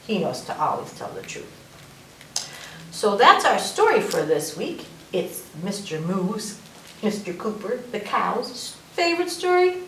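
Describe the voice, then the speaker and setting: A woman hosting a library story time, reading a picture book aloud to children in an animated way and asking them questions. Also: fairly low pitch, moderate pace. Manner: animated, questioning the young listeners. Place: library room. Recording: echoey room, distant mic, faint noise.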